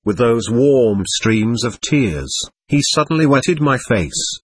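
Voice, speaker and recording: Guy voicing a bitter heartbroken captain, lively up and down delivery, bit husky. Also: medium pitch, slow, dry recording. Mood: grieving. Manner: emotional, bitter storytelling. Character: poor, proud, grieving middle-aged male captain.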